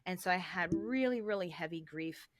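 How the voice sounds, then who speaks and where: Low-voiced woman podcast host, earnest. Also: normal speed, dry recording. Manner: earnest, heartfelt storytelling with soft fillers. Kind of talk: casual faith podcast conversation.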